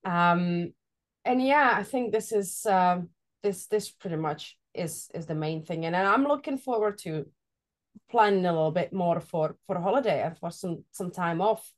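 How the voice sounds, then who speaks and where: With a lowish voice and a slightly slow pace, a fitness coach co-hosts a podcast. She's chatty and teasing in casual conversation and laughs easily.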